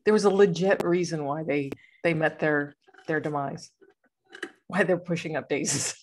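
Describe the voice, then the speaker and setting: Her low voice keeps a moderate pace as she hosts a podcast. The conversation is casual, playful and rambling, with lots of laughing.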